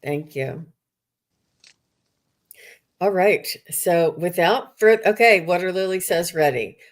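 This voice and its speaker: A woman with a fairly low voice hosts a live online workshop. She chats in a loose, friendly flow and reads out viewer comments. She fills her pauses with ums. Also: expressive. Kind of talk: casual live-stream chat.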